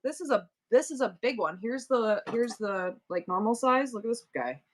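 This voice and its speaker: A woman in her forties hosts a live-stream sale in a loose, chatty way. She breaks into rapid auctioneer-style counting, reeling off numbers in quick runs. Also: on the high side, lively intonation, slight background noise. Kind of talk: casual live-stream chat.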